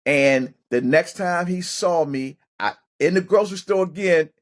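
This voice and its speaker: Middle-aged man telling lively stories. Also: a little high, measured pace. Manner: animated storyteller who acts out other people's voices; repeats and restarts words while thinking. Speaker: podcast guest, former pro football player turned high school coach. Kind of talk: casual storytelling interview.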